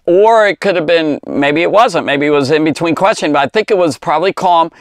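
A man teaching a Bible story to kids in a rambling, conversational way, full of fillers and asides, slowing down to stress key words. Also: on the high side, dry recording, clean studio sound. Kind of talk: informal Bible lesson for children.

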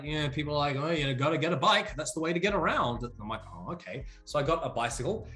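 A man who is a singer and former wrestler, telling stories as an interview guest in a theatrical way and breaking into loud shouted calls, heard over a video call. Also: mid-range voice, reverberant. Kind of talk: animated storytelling in an interview.

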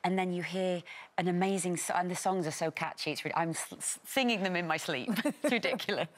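A bubbly woman actress chats as a guest in a TV studio. She laughs often and tosses in quick asides as she tells her stories. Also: fairly low pitch. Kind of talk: chatty TV interview.

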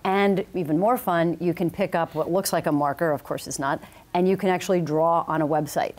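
Low, mellow-voiced female professor. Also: steady tone. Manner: explanatory, measured, confident. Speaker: business professor, guest. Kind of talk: TV interview. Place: TV studio.

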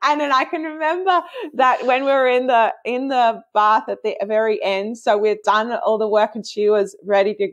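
Bubbly higher-voiced woman telling stories. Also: normal speed, few pauses, dull audio. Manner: lively storytelling, giggly, many "like" fillers. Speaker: guest, osteopath and movement coach. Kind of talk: casual podcast chat.

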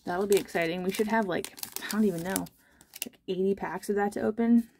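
Bubbly young woman vlogger, mellow voice. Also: medium pitch, fairly quick, a little hiss or hum. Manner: bubbly, chatty, self-deprecating. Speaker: card-opening vlogger. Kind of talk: casual chat while opening card packs.

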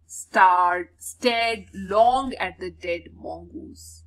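Slow-speaking woman explaining a school text. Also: on the low side, fairly bright tone, low-quality recording. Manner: slow, repeats words and gives synonyms. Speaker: English teacher. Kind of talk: reading a school lesson aloud and explaining words.

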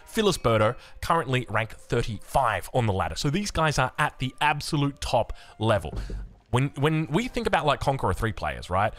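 A man's voice: mid-range voice, big pitch swings, moderate pace, a bit bright. An Australian man casting a strategy game in a chatty, rambling, jokey way, often cutting himself off mid-sentence. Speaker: game caster. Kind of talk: casual strategy game commentary.

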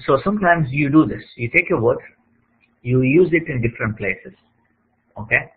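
Man, lecturer, husky voice, narrow tinny audio, frequent okay check-ins. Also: mid-range voice, lively intonation, normal speed. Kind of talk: explaining slides in a recorded lecture.

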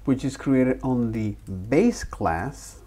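Slow, mellow-voiced man explaining code. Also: mid-range voice, lively intonation.

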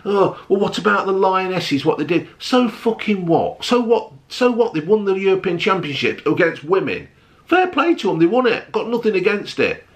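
A middle-aged man, ranting bluntly to camera in a vlog, swearing heavily and flaring up loudly. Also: on the high side. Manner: blunt, heavy swearing, rising to shouty outbursts. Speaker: vlogger.

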